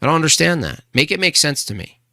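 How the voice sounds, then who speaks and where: A man's voice: a little high, big pitch swings, fast, creaky, pushed and bright, no room sound, clean studio sound. A man hosting a casual live stream, arguing with chat and asking pointed rhetorical questions. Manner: argumentative, rhetorical questions, restarts.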